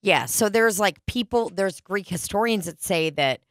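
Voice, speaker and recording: St woman podcasting, swears a lot, rambly stories, middle pitch, dry close sound. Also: animated, normal speed, no room sound. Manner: profane, rambling storytelling with impressions. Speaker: podcast co-host. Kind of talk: casual podcast chat.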